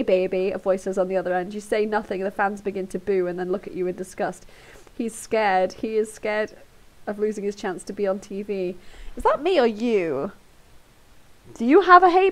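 A woman's voice: mid-range voice, a little fast. Brief: woman, casual game streamer, reads aloud, giggly and foul-mouthed, headset mic. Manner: giggly, swears freely, breaks into laughter. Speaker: livestreamer. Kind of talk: casual livestream, reading game text aloud. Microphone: headphones with a microphone.

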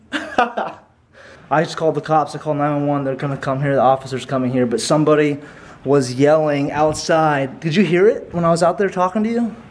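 A man vlogging casually into a handheld camera, excitable and rambling, quick to laugh. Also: fairly high pitch. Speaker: YouTube prank vlogger.

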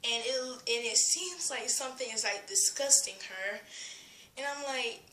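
A woman's voice: on the high side, a little slow, pushed and bright. A teenage girl ranting in a casual vlog, rambling with lots of fillers, giggling and dropping into whispers. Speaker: vlogger. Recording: echoey room.

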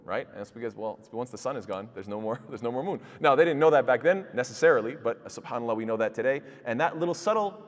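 A man's voice: medium pitch, animated, fast talker, hardly any pauses, big-room sound. A man giving a Quran lecture in a mosque, explaining verses through rhetorical questions to his audience and reciting the Arabic in classical pronunciation. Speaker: Quran teacher. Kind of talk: tafsir lecture. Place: mosque hall.

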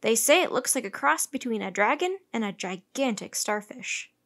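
A woman voicing a boisterous male sailor in a storybook reading, talking in loud, salty sailor speech. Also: fairly high pitch, animated, normal speed. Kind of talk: storybook read-aloud.

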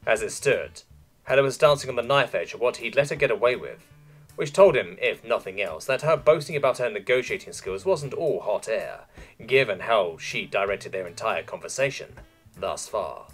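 A man reads a science fiction story aloud in an expressive, scripted narration. His voice is husky and moves a lot in pitch. Faint music plays underneath. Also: moderate pace. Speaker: audiobook narrator.

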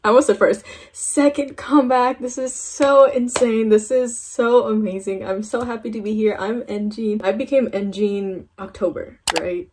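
A woman's voice: on the high side, steady tone, normal speed, a little mellow, husky. A young woman vlogging a K-pop reaction, gushing and fangirling, with a tired voice after waking up early. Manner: gushing, fangirling, lots of "oh my god" and "like". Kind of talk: excited reaction vlog chat. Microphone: phone camera.

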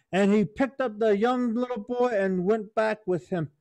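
A man telling a traditional story to young people, in a gentle teacherly way, often checking in with "right?" and "okay?". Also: sits high, moderate pace, no room sound. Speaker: storyteller for youth.

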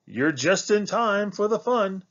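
A cheerful schoolteacher from a storybook, read aloud by a man, lifting his voice a little. He speaks slowly over a slightly muffled recording. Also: high-pitched, sing-song, fairly bright tone, pitched above the performer's own voice, full character voice.

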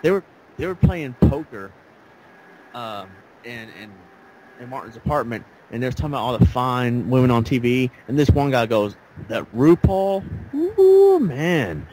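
A man hosting a casual talk show, rambling through stories and acting out what people said. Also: normal speed. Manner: rambling storyteller, acts out quotes. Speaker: podcast host. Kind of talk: casual chat. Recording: faint background noise, low-quality audio.

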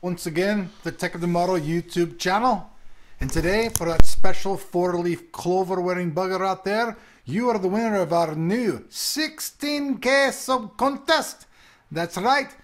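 A male tech channel host who announces a contest winner with playful, theatrical energy. His voice sits high for a man. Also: unhurried. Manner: joking, loud and theatrical.

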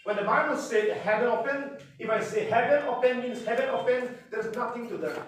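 A man teaching a Bible class as a pastor, speaking emphatically, reading verses slowly and dropping frequent amens and hallelujahs. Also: very high-pitched, fairly bright tone. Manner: emphatic, peppers speech with amen and hallelujah; reads scripture verses slowly and deliberately. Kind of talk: preachy Bible class lecture. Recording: echoey room from far off, faint noise.

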